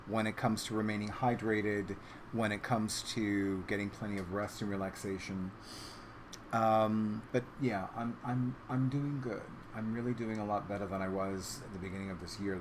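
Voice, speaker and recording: A man talking casually to his viewers about what has been on his mind lately. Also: slight background noise. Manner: switches to a high animated baby-talk voice when addressing his cat. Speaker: vlogger. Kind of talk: casual vlog talk to camera.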